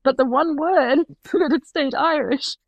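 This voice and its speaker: Slow-talking laughing woman, dry sound. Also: high voice, dry recording, muffled recording. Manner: laughs often, self-mocking. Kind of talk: casual chat.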